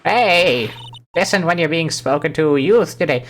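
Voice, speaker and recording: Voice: mid-range voice, expressive, measured pace, slight background noise, pitched above the performer's own voice. A let's-play player voicing a fussy, scolding old woman security guard, rambling about the old days, over background music. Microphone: home mic.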